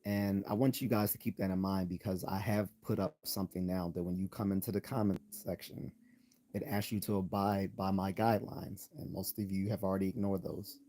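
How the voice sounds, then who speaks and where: A man talks through logical fallacies on a live stream in a deep voice. His tone is mellow and unpolished, full of ums, restarts and read-aloud definitions. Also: little pitch movement. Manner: loose, halting delivery with many ums and restarts; reads out definitions and examples. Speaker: channel host.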